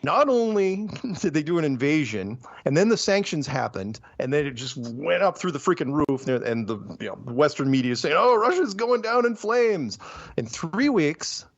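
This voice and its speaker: Male host, fired-up and sarcastic, talking with a lively pitch in a dry, lo-fi recording. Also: moderate pace, no room sound. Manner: animated, sarcastic, laughing asides. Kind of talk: casual news commentary. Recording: dull lo-fi sound, dry.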